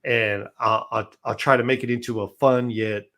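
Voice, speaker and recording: A man at middle pitch tells his stories in an unhurried, conversational way. He often restarts his sentences and tags them with "right?" to keep the listener with him, in the manner of a casual interview. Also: fairly even intonation, gravelly, fairly bright tone. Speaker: interview guest.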